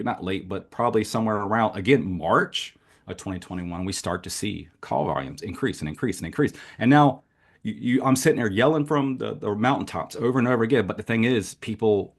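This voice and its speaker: Lower-voiced guy guest, gets worked up, goes quiet then loud. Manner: impassioned, swings from soft to loud. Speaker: guest, former paramedic instructor. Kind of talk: conversational interview.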